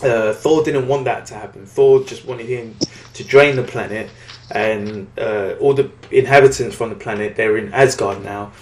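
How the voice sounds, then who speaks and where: A British man recapping a comic book in casual chat, with lots of fillers, restarts and quick acted-out quotes. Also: on the low side, reverberant, a little hiss or hum. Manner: rambling recap with many fillers and restarts, acting out lines in quotes. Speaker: podcast co-host reviewing comics.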